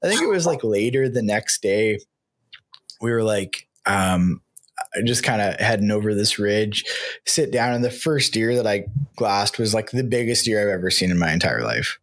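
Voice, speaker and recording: A man hosting a podcast, telling stories in an animated, excitable way during a casual chat. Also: lowish voice, normal speed. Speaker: podcast host. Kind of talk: casual conversation.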